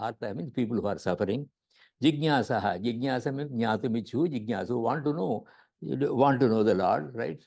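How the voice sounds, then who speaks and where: A man's voice: mid-range voice, creaky, warm tone. A man with an Indian accent giving a lecture on scripture as a yoga teacher, often repeating words and checking in with "right?".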